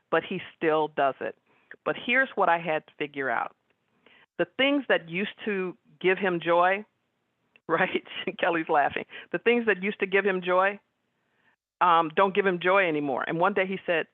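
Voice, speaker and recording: A middle-aged woman giving a webinar talk as guest speaker, telling personal stories in a conversational, animated way. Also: low-pitched, moderate pace, dry recording. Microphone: video call. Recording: tinny phone-like webinar audio.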